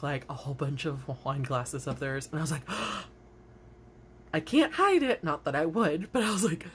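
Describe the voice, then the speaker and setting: A woman's voice: low voice, slight background noise. A young woman telling rambling, giggly stories straight to her camera in a casual vlog, with many "like"s. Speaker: vlogger. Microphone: camera facing her, seen on video.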